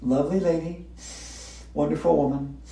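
Gravelly woman leading laughter yoga. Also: low voice, fairly even intonation, normal speed, dark tone. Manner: upbeat, chanting repeated breathing cues with bursts of laughter. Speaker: yoga instructor. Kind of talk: guided yoga class with laughter yoga. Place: hotel room. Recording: echoey room, voice from far off.

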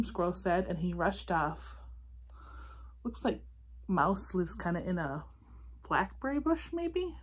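A woman reading a picture book aloud to children, gently asking them questions about the pictures. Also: on the low side, animated, takes it slowly, husky. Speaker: children's storybook reader.

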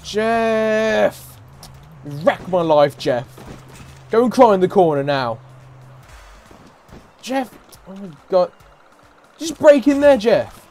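Loud mocking man gaming. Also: sits high, expressive, slow, pauses often. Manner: loud, mocking, swears and taunts at game characters. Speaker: gaming YouTuber. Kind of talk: let's play commentary. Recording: game music faint behind.

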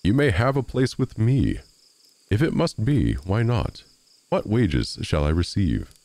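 A man's voice: on the low side, very animated, measured pace, a little mellow, pitched above the performer's own voice. A man voicing a boastful, cocky little male tailor in a storybook reading, with brash, bragging delivery. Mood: meek.

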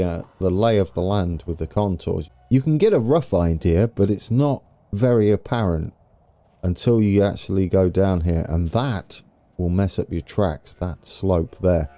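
A man with a low, mellow voice commentating his strategy game play to viewers. He thinks aloud in a chatty, self-deprecating way. Faint game music plays underneath. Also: dry recording. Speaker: let's play host. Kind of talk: gameplay commentary.

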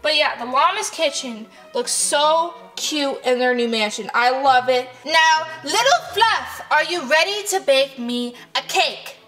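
A woman vlogging playfully with her plush toys, excitable and coaxing, often gasping. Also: high-pitched, a little slow, hardly any pauses, roomy sound, soft background music. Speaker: toy vlogger.

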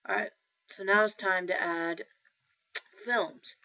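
A woman talking through a software tutorial in a rambling, casual way, often correcting herself. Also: mid-range voice, fairly even intonation, slow pace, gravelly. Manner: rambling, self-correcting, filler-heavy. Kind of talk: casual screen-recorded tutorial. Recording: dull lo-fi mic with faint noise.

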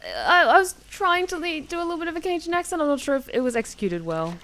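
A woman's voice: high voice, huge pitch swings, fast, a bit bright. A woman streamer giving casual, swear-filled gaming commentary from her desk. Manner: chatty, swears freely, reacts aloud. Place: home desk with keyboard.

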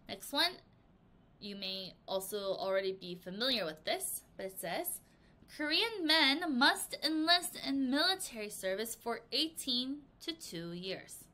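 Woman English teacher, bright and animated, drilling vocab with kids. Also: a little high, unhurried. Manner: animated, acts out example sentences. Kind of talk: vocabulary lesson for children. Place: language academy in Korea.

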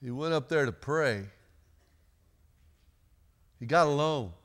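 High-voiced, chatty, joking male pastor. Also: expressive, slow pace, a bit bright. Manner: chatty, joking asides to the congregation. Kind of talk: sermon. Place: church sanctuary.

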